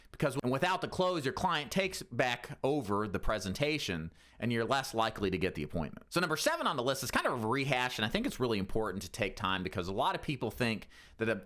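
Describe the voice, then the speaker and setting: A middle-aged man delivers a sales training lesson with a coaching manner. His voice sits at a medium pitch but moves a lot, rising and falling with emphasis. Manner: lively, coaching delivery with varied intonation. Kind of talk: instructional talk to camera.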